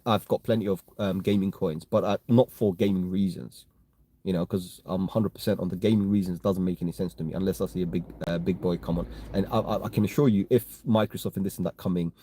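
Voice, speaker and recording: Chatty London man, low mellow voice. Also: no room sound. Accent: London English. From London, England. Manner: chatty, rambling, keeps tagging "right?" and "you know what I mean". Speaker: crypto live-stream host. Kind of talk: casual live-stream chat answering viewer comments.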